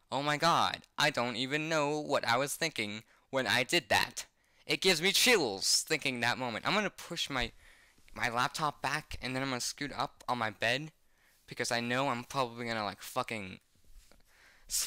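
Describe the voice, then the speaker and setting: A man's voice: medium pitch, pushed and bright, smooth, no echo, studio quality. A man reading a horror comic aloud at home on his bed and reacting to it, swearing constantly and yelping when something startles him. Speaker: webcomic reactor.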